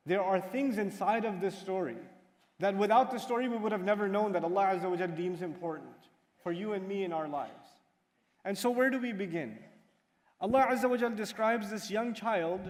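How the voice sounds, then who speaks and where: A man giving a religious lecture, telling the story with animated, acted-out dialogue. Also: high voice, long reverb tail. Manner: animated storytelling, acts out a child's voice. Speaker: Islamic lecturer.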